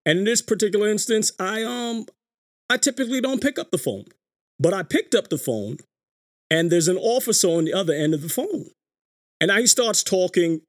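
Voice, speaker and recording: A man with a fairly high speaking voice hosts his own podcast in a loose live-stream monologue. He tells his story with animated swings in pitch and keeps doubling back on his sentences. Faint music plays underneath. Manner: animated storytelling with frequent restarts. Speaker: podcast host.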